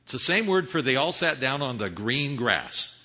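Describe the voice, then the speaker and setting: A man preaching a sermon, teaching Bible passages with rhetorical questions, swinging from hushed asides to emphatic calls. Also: medium pitch, big pitch swings, moderate pace. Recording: dull lo-fi sound.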